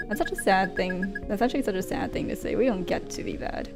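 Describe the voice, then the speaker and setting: A woman streamer reading a visual novel aloud with quiet, wry commentary. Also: mid-range voice, quick pace, hardly any pauses, faint music behind.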